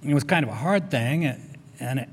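A man's voice: mid-range voice, lively intonation, moderate pace, husky. An older man, a chaplain, preaching a sermon in an earnest, conversational storytelling way. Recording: long reverb of a large hall.

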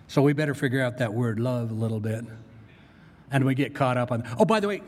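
A man preaching a sermon as pastor, animated and storytelling, with playful asides to his congregation. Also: medium pitch, fairly quick. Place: church sanctuary. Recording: long reverb from a church hall.

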